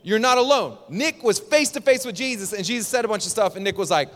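A man's voice: high voice, quick pace, few pauses, in a large hall. A man preaching a sermon as a pastor, telling stories with energy and calling the congregation to respond. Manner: animated storytelling, congregation call-and-response.

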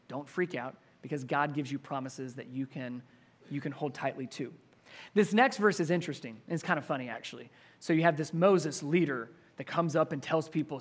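A man preaching a sermon to a congregation in a church, conversational and animated, often laughing as he explains. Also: on the high side. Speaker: pastor.

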